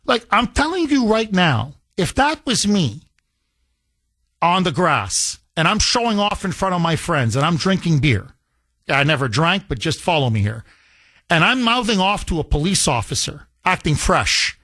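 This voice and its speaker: Animated male radio host. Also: high-pitched, moderate pace, no echo, clean studio sound. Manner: animated storytelling. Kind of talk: talk radio monologue.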